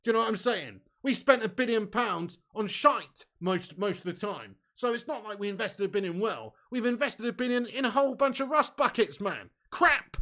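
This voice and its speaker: A man hosting a live football watch-along, excitable and sweary, swinging from low grumbling to loud shouting. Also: fairly quick, few pauses. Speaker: fan watch-along host.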